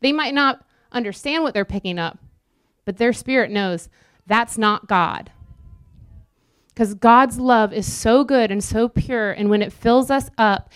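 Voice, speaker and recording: A woman's voice: medium pitch, clean tone, no echo, clean studio sound. A woman preaching a sermon, emphatic and repetitive, acting out quoted inner voices.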